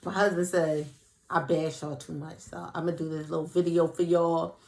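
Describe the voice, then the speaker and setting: A woman's voice: sits low, level tone, moderate pace, gravelly, darkish tone. A young woman chatting casually to camera as host of her own vlog, playful and talkative. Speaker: vlogger, show host.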